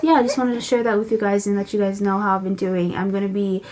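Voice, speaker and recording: Young woman, new mother, chatty home vlog, middle pitch, light background hiss. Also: little pitch movement, fast. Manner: chatty, many "like" fillers, coos in a high voice to her baby. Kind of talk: casual chat to camera. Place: at home, feeding her baby.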